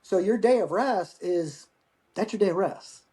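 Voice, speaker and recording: Middle-aged male veteran, guest spot, loose swear-heavy anecdotes, voices the people he quotes, a touch high-pitched. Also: unhurried. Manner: profane, animated anecdote-telling with acted quotes. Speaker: podcast guest, Marine veteran. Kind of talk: casual storytelling.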